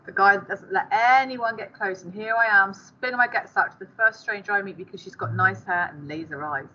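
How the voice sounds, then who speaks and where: Bright-voiced woman teacher reading aloud. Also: medium pitch, brisk, lo-fi sound. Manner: stops the reading to speak to pupils. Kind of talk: reading a novel aloud to a class.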